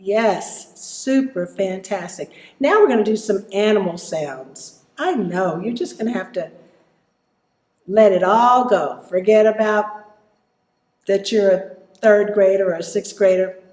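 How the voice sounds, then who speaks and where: A woman teaching children a vocal warm-up, encouraging them and demonstrating exercises. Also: medium pitch, measured pace, roomy sound. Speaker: music teacher.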